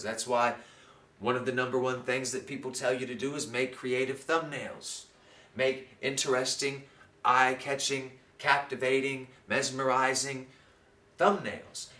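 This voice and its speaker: A man's voice: medium pitch, bright, forceful tone. Rambling man, echoey and far from mic. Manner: rambling, keeps asking "you know what I'm saying?". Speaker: channel host. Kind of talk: casual musing monologue. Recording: roomy, distant mic, faint background noise.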